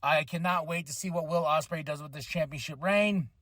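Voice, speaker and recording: A man hosting a podcast, recapping a wrestling show with animated enthusiasm and occasional excited shouts. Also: on the high side, a little fast, no room sound, studio quality. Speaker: podcast host.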